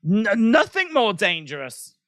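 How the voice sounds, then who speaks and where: A man's voice: high voice, huge pitch swings, a little slow, a bit bright, no room sound, studio quality. A man reacting live to a wrestling show, repeating lines and laughing at his own jokes.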